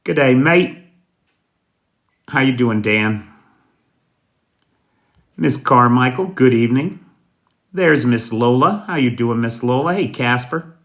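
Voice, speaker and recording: An American man hosting a casual livestream news show, greeting viewers by name in a folksy, unhurried way. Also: mid-range voice, lively intonation, a bit bright. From United States. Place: indoors at night.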